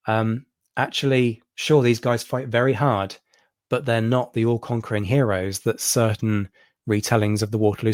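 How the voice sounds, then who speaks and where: A man's voice: lowish voice, a little mellow, no echo, studio quality. A man hosting a history livestream, explaining a battle in detail with frequent ums and restarts. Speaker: history channel host.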